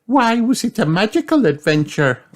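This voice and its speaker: A man's voice: sits high, very animated, normal speed, voice pushed up. A man doing a curious little wolf girl. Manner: eager, wide-eyed.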